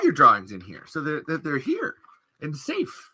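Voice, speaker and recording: Bright-voiced playful male podcast host. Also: on the high side, huge pitch swings, normal speed, slightly rough. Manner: rambling, playful, laughs often. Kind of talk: casual podcast chat.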